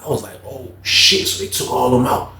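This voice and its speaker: A man telling a story in casual talk, acting out each person with loud raised voices and dropping to hushed asides. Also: mid-range voice, moderate pace, vocal fry, reverberant, a little hiss or hum.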